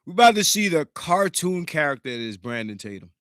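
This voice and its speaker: A man hosting a podcast in a casual, profane, animated way, greeting live chat viewers, sounding slightly congested. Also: a little high, a little fast, clear, resonant tone, no echo, studio quality. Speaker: podcast host.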